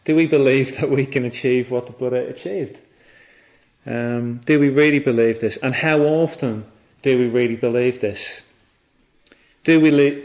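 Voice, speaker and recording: Reflective, halting male Buddhist teacher. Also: medium pitch, a little mellow. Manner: reflective, halting, with frequent repeated restarts. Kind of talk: dharma talk.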